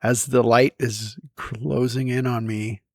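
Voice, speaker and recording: A man telling embarrassing stories to camera in a casual, self-deprecating way, with lively bursts when he quotes himself. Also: medium pitch, takes it slowly, no echo, studio quality. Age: adult. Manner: animated, self-deprecating, with bursts of loud quoting. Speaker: vlogger. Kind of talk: casual storytime monologue. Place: outdoors in daylight.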